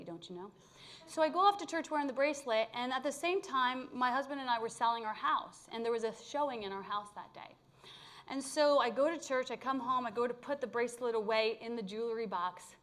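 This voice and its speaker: Middle-aged woman, fairly high voice, spiritual speaker; candid, animated storytelling with blunt humor for a live congregation. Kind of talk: personal storytelling talk to a congregation. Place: live talk at a spiritual community gathering.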